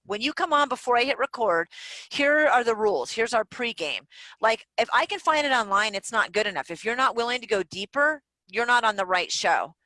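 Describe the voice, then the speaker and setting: A woman guest on a podcast, telling stories in a candid, animated way and swearing freely. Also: a little high, fairly quick, no room sound, rough recording. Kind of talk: casual interview chat. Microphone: home recording setup.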